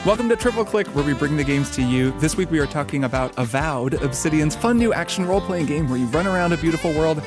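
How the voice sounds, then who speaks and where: A man's voice: fairly high pitch, animated, quick pace, few pauses, music in the background. A man hosting a podcast, chatting casually and reading out show announcements in an upbeat way. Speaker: podcast host.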